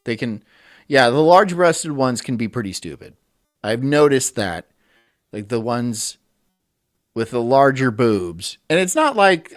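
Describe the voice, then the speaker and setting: A man's voice: medium pitch, big pitch swings, measured pace, pauses often, no room sound, clean studio sound, soft background music. Crude, sarcastic male streamer. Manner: crude, sarcastic, laughing often. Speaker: streamer host. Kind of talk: live stream chat, reading viewer comments.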